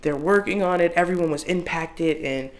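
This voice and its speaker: A man in his thirties telling a long work story in casual, profane chat, jumping loudly into exclaimed quotes. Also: on the high side, moderate pace. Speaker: podcast co-host.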